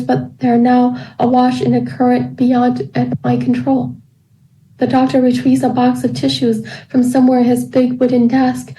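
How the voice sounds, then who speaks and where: A woman reading a passage aloud and then moderating a panel in a measured, formal way. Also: a little high, dark tone, far from the mic, rough recording.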